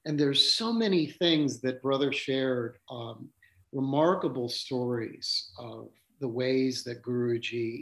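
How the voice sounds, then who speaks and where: Yoga teacher guy slowly telling spiritual stories, middle pitch, reflective, takes his time. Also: creaky, fairly bright tone. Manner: unhurried, reflective, pauses to gather thoughts.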